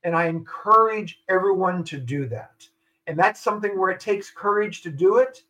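An older man with a fairly high, bright and forceful voice talks as a guest on a radio show. He numbers his points and repeats the key lines for emphasis, with the firm delivery of a retired army officer. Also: expressive, moderate pace, poor audio. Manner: emphatic, lists points and repeats them for stress. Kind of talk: radio interview.

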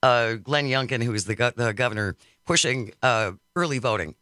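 A man hosting a political talk radio show in a studio, reading listener texts with brisk sarcasm. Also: medium pitch, pushed and bright, dry recording. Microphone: studio microphone.

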